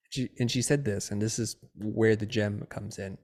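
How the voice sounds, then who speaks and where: Middle-aged male guest, animated storyteller acting out dialogue. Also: lowish voice, moderate pace, few pauses. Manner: lively storyteller who acts out quoted dialogue. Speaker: podcast guest, designer and educator.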